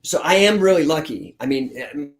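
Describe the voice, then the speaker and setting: A man in his forties, a grappling coach appearing as a guest in a casual interview, tells blunt, profanity-laced stories. His voice is fairly high and his pace moderate, and he's an animated storyteller. The recording has a roomy echo.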